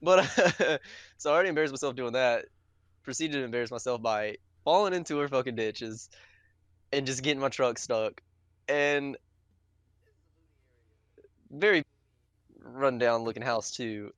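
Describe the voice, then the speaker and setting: A man's voice: mid-range voice, a little slow, pauses often, a bit bright, clear, resonant tone, no room sound. Swearing, laughing young man telling a story. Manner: laughing, swearing often, loose and rambling. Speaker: podcast co-host. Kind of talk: casual storytelling among friends.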